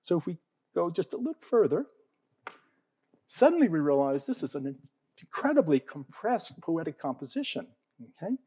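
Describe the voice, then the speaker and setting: A man's voice: a little high, very animated, normal speed, pauses often, mellow, dry recording, rough recording. A man giving an explanatory talk on poetry to an audience. He often checks in with "okay?" and "all right?" and puts questions to the listeners. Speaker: panel speaker on poetry.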